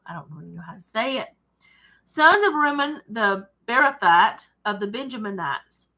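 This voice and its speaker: A woman's voice: medium pitch, sing-song, moderate pace, sharp tone. A woman with a Southern US accent, reading scripture and chatting about it casually at her desk at home, digressing often and laughing. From Alabama, USA. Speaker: Bible study host. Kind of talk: casual Bible reading and commentary.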